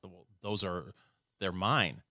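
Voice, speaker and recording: A man with a low-pitched yet bright, forward voice, recorded close and dry. He delivers his jokes deadpan and teases his co-host in a relaxed podcast chat. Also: slow, dry recording. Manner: dry, deadpan teasing humor.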